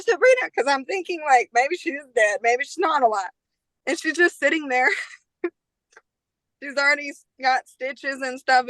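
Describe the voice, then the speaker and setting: A young woman in her twenties recounts a story as a podcast guest, her voice bright and sharp with a slightly raised pitch. She talks casually, throws in slang, and acts out what others said. The sound is close and dry. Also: no room sound, poor audio. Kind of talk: emotional personal storytelling.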